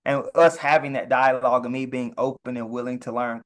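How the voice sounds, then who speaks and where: A man talking casually about marriage and business, animated, stumbling on words and laughing often as he talks. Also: mid-range voice, brisk, hardly any pauses. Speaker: co-host.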